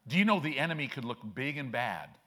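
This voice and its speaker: A man's voice: medium pitch, very animated, fast talker, bright, forceful tone. A male pastor preaching a sermon in a conversational, slangy way, acting out quoted characters with a shifting voice. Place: church sanctuary.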